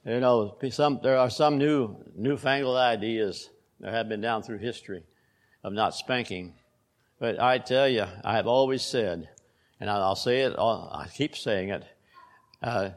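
A man's voice: on the low side, measured pace. An older man preaching a sermon and reading scripture aloud, earnest and repeating phrases for emphasis.

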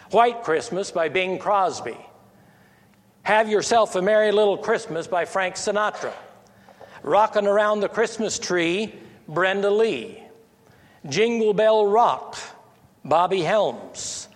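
An American man speaks slowly, pausing and restarting as he works through his thoughts. His voice sits a little high for a man, and it rings with a long reverb, as if in a large hall. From United States. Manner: halting, many restarts and fillers, rises when stressing a point. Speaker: Christian speaker. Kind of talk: informal teaching monologue.

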